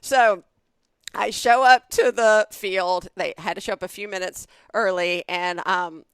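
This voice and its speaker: A woman in her forties with a Southern US accent, co-hosting a podcast and telling a comic story in a lively way, acting out other people's lines. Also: mid-range voice, a little slow, smooth, no echo. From Southern United States. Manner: animated, acts out other people's voices in her stories. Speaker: podcast co-host. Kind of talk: casual comedic storytelling.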